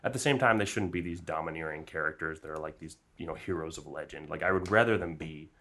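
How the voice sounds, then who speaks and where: A man co-hosting a casual fan podcast, talking in a rambling, hesitant way with many pauses and restarts. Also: extremely low pitch, bright, forceful tone. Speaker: podcast co-host.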